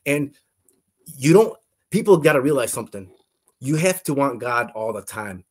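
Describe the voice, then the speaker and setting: A man with a husky, slightly rough voice tells a personal faith testimony as an interview guest. His delivery is earnest and fervent, circling back on words and phrases as he searches for what to say. His pitch sits in an ordinary middle range. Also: animated, normal speed. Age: adult. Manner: earnest, fervent, often repeats words and restarts.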